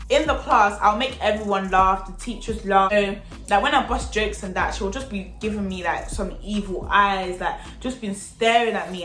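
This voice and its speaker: A young woman tells a story in a chatty, animated way, full of slang and tag questions. Her voice sits at a middle pitch. The room around her is echoey, with faint music playing behind. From England. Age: young adult. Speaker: storytime vlogger. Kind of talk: casual storytelling.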